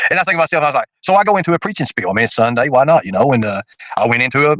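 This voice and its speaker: A man's voice: medium pitch, lively intonation, racing, a bit bright, dry recording, rough recording. A man, a livestream host rambling in casual chat with fillers and restarts.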